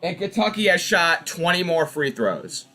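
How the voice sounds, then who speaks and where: Young man, watch party host, lively pitch, bright tone, exasperated ranting at the refs. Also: normal speed. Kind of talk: casual live game commentary.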